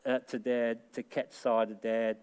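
A middle-aged Australian pastor delivers a sermon from the pulpit, speaking casually and conversationally, then rising to earnest, emphatic peaks on his key points. His voice sits at an ordinary male pitch, unhurried and a little mellow, with a level, clean tone.

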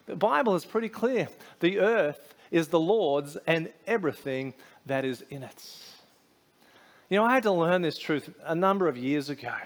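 A man preaching a sermon as a pastor, conversational, with frequent fillers and restarts. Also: high-pitched.

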